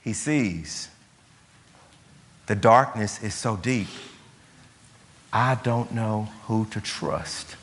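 A man's voice: on the low side, very slow, pauses often, a bit bright, a little hiss or hum. A man preaching a sermon as a pastor, driving his points home with rhetorical questions and emphatic repetition. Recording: long hall reverb.

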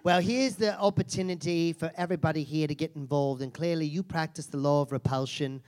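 A crude, foul-mouthed self-help seminar guru in a live comedy act, a man putting her on. She mocks and insults her audience with theatrical scorn, in a voice pitched a touch higher than usual. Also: steady tone, fairly quick, darkish tone, lightly acted. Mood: brash. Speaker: comedian performing a character. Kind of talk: live stand-up character act.

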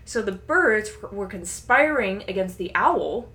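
A woman co-hosts a podcast in easy, casual chat. She retells stories with animated enthusiasm and laughs readily. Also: medium pitch, a little slow, crowd noise. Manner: animated storyteller, often laughing. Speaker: podcast co-host.

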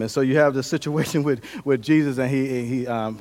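A man's voice: medium pitch, fairly even intonation, fast talker, hardly any pauses, a little mellow. A man preaching a sermon as pastor, conversational and humorous, acting out scenes and repeating his key points.

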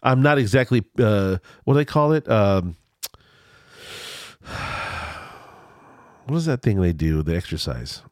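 A man's voice: lowish voice, animated, measured pace, pauses often, darkish tone, no echo, studio quality. A middle-aged man telling a rambling story in casual chat, full of restarts and asides.

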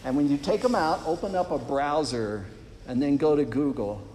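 A man's voice: on the high side, moderate pace, darkish tone, a little hiss or hum. Earnest man preaching in a reverberant church. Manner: earnest, addresses the congregation directly. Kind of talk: sermon. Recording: long reverb of a church hall.

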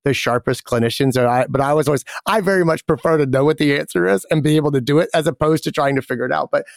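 A man's voice: fairly high pitch, fast, creaky, dry recording, studio quality. A male podcast host talking in an easygoing way, often repeating a word as he starts a thought. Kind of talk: conversational interview and ad read.

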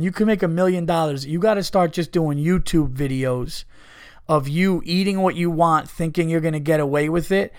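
A man hosting a podcast, reading listener stories aloud and breaking into loud, laughing, profane riffs. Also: on the high side, smooth, no echo, studio quality. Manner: loud animated riffing between readings, swearing and laughing. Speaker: podcast host.

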